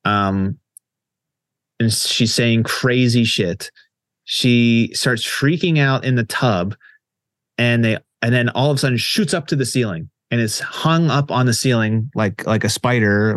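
A man's voice: medium pitch, takes it slowly, no room sound, studio quality. Man ranting heatedly on a podcast. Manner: heated ranting, heavy swearing. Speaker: podcast co-host. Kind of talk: casual chat.

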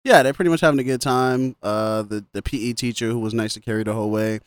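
Chill guy recapping a movie, laughs a lot, dry close sound, normal pitch. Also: fairly even intonation, fast, clear, resonant tone, no room sound. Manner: laughs often, quotes characters in passing. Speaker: podcast co-host. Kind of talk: casual movie recap chat.

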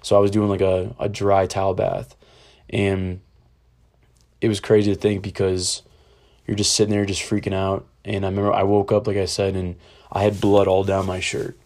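A man's voice: low-pitched, monotone, moderate pace, darkish tone. A young man from Ohio telling a personal story in a rambling, candid, casual way, swearing freely. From Ohio, USA.

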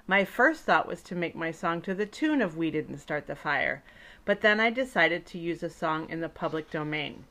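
A woman entertainer speaking gently and warmly to children, telling a friendly story and explaining words simply. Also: sits low, animated, moderate pace.

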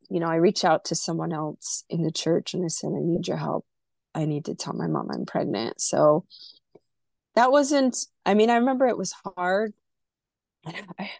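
A woman's voice: on the low side, creaky, a little mellow, no echo, studio quality. A woman from California, a podcast guest, candidly telling a personal story and acting out the dialogue. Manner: candid, emotional, acts out quoted dialogue.

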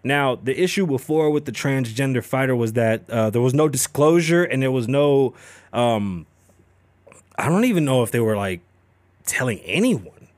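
A man's voice: medium pitch, lively intonation, moderate pace, no echo. A man hosting a podcast, ranting casually and profanely with lots of swearing. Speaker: podcast host. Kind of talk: casual chat.

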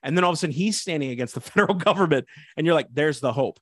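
Fervent assistant pastor, slightly high voice. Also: male voice, expressive, racing, husky, dry recording, studio quality. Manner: fervent, preachy, frequent restarts and "dude". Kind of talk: impassioned interview talk.

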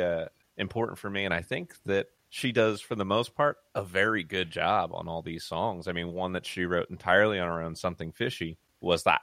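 Man, low voice, podcast co-host, casual rambling chat, restarts, dry close mic. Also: creaky, a bit bright, dry recording. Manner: rambling, lots of fillers and restarts. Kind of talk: casual music review chat.

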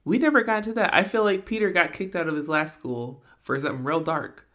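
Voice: medium pitch, fairly quick, fairly bright tone. A podcast co-host ranting bluntly with plenty of swearing in casual chat.

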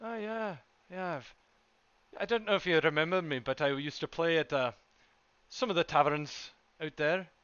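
A man's voice: fairly high pitch, moderate pace, fairly bright tone, clear, resonant tone, dry recording, natural voice. A man voicing a friendly male musician on a ship who talks in a chatty, hesitant, polite way. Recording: dull lo-fi dry sound.

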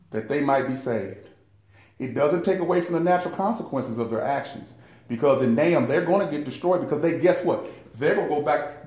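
A man with a slightly high, darkish voice preaches in a reverberant space while teaching Bible study. Impassioned throughout, he calls his hearers saints, and his intensity keeps building.

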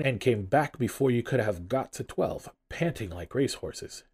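A man narrating a classic novel aloud in an expressive, storytelling manner. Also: mid-range voice, normal speed, few pauses, slightly rough. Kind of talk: audiobook narration.

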